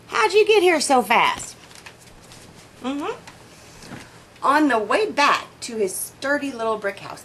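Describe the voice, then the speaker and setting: Mom reading a picture book aloud, lively sing-song pitch, chatty asides to her child. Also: slight background noise, rough recording. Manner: expressive, points out pictures to a child. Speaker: storyteller and mother. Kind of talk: children's storybook read-aloud.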